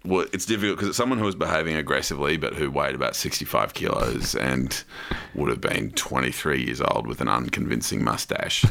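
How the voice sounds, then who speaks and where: Gravelly low-voiced Australian man. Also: a little fast, hardly any pauses, pushed and bright, a little hiss or hum. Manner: dry, self-mocking, acts out voices. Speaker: podcast guest. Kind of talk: casual storytelling chat.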